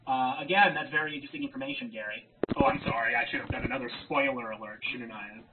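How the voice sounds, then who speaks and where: A man's voice: medium pitch, big pitch swings, quick pace, vocal fry. A man in a played video clip, sarcastically taunting an opponent and mocking his anger. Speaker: rival video maker. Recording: tinny phone-like sound with faint noise.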